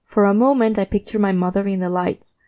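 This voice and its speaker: A woman reads a first-person fiction story aloud with a mellow, warm tone. Her delivery is measured and steady, carrying a quiet tension. It sounds like a scripted audiobook narration. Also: medium pitch.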